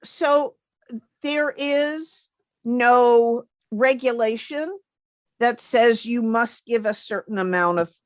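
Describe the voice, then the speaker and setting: A woman co-hosting a career podcast, explaining things in a measured, deliberate way. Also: on the high side, no echo. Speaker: podcast co-host, federal careers advisor. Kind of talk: casual chat.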